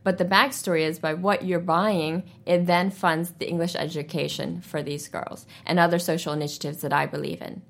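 A woman in her thirties, a guest telling her story in a lively, animated way during a radio interview. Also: fairly low pitch, normal speed, gravelly, hardly any pauses. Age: 30s.

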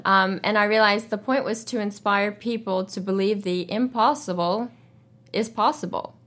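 A woman in her thirties, a guest telling her story in a lively, animated way during a radio interview. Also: mid-range voice, moderate pace. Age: 30s.

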